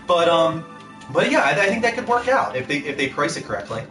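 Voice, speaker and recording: A man's voice: a little high, very animated, brisk, bright, forceful tone, reverberant, soft background music. A man hosting a gaming talk show in casual, upbeat chat, laughing easily. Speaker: podcast host.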